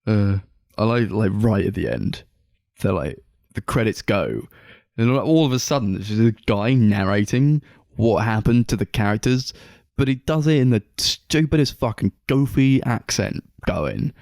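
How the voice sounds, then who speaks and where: Low-voiced man, laughing and sweary. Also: moderate pace, dry recording, clean studio sound. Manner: laughing, sweary, animated storytelling. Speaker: podcast co-host. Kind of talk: casual film chat.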